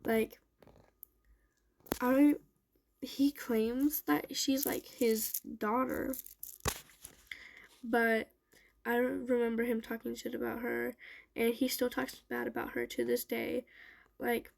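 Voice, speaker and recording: A young woman with a slightly raised, gravelly voice tells a personal story in an unhurried, rambling way. She is a bit sick and leans on "like" and "um" between thoughts. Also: on the high side, level tone, rough recording. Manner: rambling, full of "like" and "um" fillers. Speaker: storytime vlogger. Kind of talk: casual storytelling.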